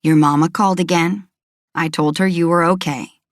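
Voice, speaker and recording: A woman voicing a gentle, motherly woman who speaks softly and kindly in an audiobook. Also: on the low side, steady tone, normal speed, no echo, studio quality, natural voice. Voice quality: soft, gentle.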